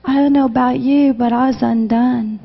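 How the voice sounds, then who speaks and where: In a dull recording with long hall reverb, a woman preaches an emotional testimony sermon as a missionary, repeating herself passionately and occasionally nearly in tears. She speaks at a normal speed in a high-leaning, steady voice that is gravelly and slightly rough.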